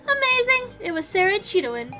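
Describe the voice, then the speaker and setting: A woman voicing a gleeful, theatrical game-show announcer in a loud, showy, sing-song voice. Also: extremely high pitch, sing-song, moderate pace, over music, pitched above the performer's own voice.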